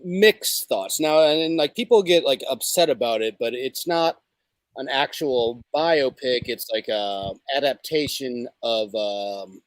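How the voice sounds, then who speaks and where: A man's voice: medium pitch, lively intonation, a little slow, dry recording. A man hosting a casual comedic livestream, rambling and hesitant, with lots of fillers. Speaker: show host.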